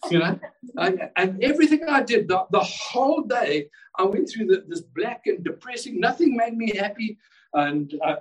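A man's voice: high-pitched, far from the mic, low-quality recording. A male pastor preaching a sermon in a church service, fervent and exclamatory, often repeating words as he builds a point.

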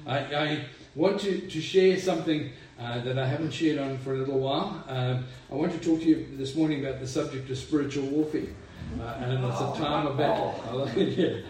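Jovial pastor in an echoey room. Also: male voice, mid-range voice, fairly even intonation, a little mellow. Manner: jovial, laughs between phrases, halting restarts. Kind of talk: sermon with prayer and scripture reading. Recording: echoey room, voice far from the mic.

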